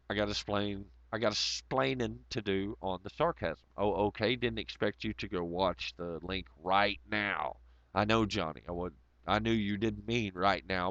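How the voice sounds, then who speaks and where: A man's voice: lowish voice, bright, forceful tone, no room sound. A man hosting a casual livestream, reading chat comments aloud and rambling in a profane, sarcastic way. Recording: dull lo-fi audio.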